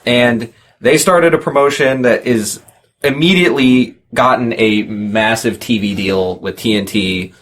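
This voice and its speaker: A man's voice: medium pitch, measured pace, fairly bright tone. A young man co-hosting a casual podcast chat, rambling and restarting his sentences. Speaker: podcast co-host.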